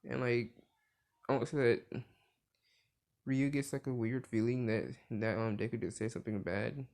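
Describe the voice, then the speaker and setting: A man's voice: mid-range voice, fairly even intonation, normal speed, darkish tone. A young man casually retelling a cartoon crossover story, rambling with constant filler words and swearing. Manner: rambling, full of "like" fillers, profane.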